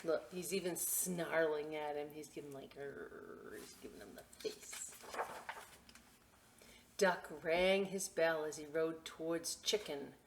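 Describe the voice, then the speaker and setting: A woman reading picture books aloud at a library storytime, expressive and adding friendly asides for children. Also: low-pitched, vocal fry, slight background noise. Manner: slow, expressive, chatty asides to kids.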